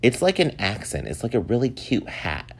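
A man's voice: mid-range voice, big pitch swings, normal speed, creaky, breathy edge. A man in his thirties hosting his own podcast, talking casually and animatedly, laughing often as he goes. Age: 30s. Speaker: podcast host. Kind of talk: casual solo podcast talk.

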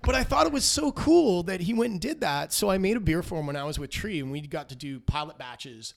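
A man talking casually as a brewer guest, rambling and animated as he tells stories. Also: on the high side, vocal fry, noisy background. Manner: rambling and animated, quick laughs. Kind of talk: casual interview chat.

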